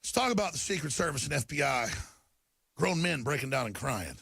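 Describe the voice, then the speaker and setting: A man's voice: a little high, lively intonation, a little fast, creaky, fairly bright tone, breathy edge, dry recording. A man hosting a talk show, ranting emphatically through news headlines and stumbling over repeated words. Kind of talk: talk radio monologue reading headlines.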